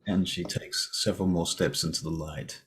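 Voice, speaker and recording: A man narrating a tabletop game as game master, halting, with fillers and repeats. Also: low voice, steady tone, a bit bright, husky.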